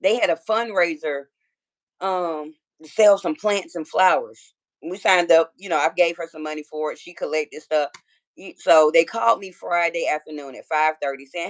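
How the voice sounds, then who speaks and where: A woman's voice: lowish voice, normal speed. Southern georgia woman in her 30s, loose profane livestream chat, talks right to her viewers. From Georgia, USA. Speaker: livestream host.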